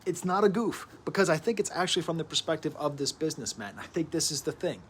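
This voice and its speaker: Animated man reviewing records. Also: fairly high pitch, fast talker, few pauses, a little hiss or hum. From United States. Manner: animated, rambling, joking asides. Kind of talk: casual music analysis to camera.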